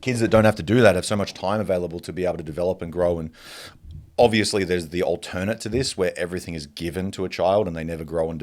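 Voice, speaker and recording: A young man with an Australian accent and a very deep voice talks alone on his podcast. He swears freely and pushes hard to get his listeners fired up. Now and then he stops to cough. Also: a little mellow. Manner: blunt, profane and fired up. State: coughing at times. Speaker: podcast host. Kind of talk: motivational monologue.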